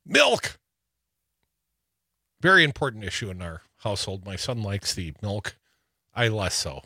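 A man's voice: fairly low pitch, lively intonation, normal speed, sharp tone, no room sound, studio quality. A man from Wisconsin co-hosting a political talk radio show, running through the news with wry, teasing asides.

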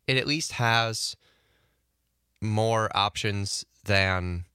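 Young wisconsin guy, radio producer, really deep but bright voice, lots of ums, dry studio sound. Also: extremely slow, clear, resonant tone, no echo. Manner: hesitant, thoughtful, many fillers. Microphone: studio mic.

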